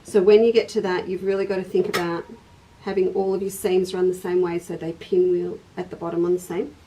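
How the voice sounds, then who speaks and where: A woman's voice: lowish voice, flat delivery, fairly quick, mellow. A woman hosting a casual stitching livestream, chatty and laughing as she demonstrates and answers viewers. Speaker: craft shop host. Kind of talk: casual craft livestream chat. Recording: distant mic.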